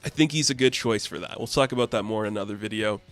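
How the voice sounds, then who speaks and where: A man's voice: lowish voice, fast talker, faint music behind. A man in a casual, chatty comic book recap who loosely paraphrases the characters' lines.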